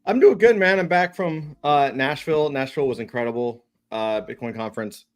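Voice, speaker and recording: A man co-hosting a casual podcast chat in a relaxed, easygoing way. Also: on the high side, fairly quick. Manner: relaxed, laid-back with fillers. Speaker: podcast co-host.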